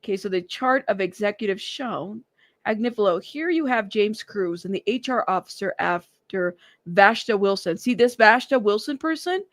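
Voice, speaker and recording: A woman's voice: medium pitch, animated, normal speed, no echo, studio quality. A woman hosting a casual live stream, talking in a sassy, teasing way and laughing often. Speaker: live-stream news host.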